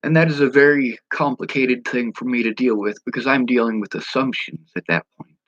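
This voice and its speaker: A man's voice: medium pitch, brisk, a bit bright, dry recording, highs cut off. Blunt, profane man vlogging. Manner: mimics speech impediments. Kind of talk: casual direct-to-camera vlog.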